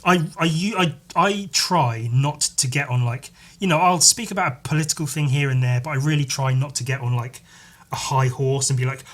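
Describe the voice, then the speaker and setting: A man hosting a solo podcast, rambling in casual chat, swearing freely and filling pauses with "like" and "um". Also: medium pitch, fairly bright tone. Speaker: podcast host.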